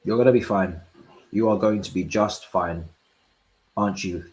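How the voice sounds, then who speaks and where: Excitable young man reacting live. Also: lowish voice, moderate pace, roomy sound, low-quality recording. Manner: excitable, swings from muttering to shouting, frequent slang. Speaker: football watch-along streamer. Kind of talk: live match reaction commentary. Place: indoor room at home.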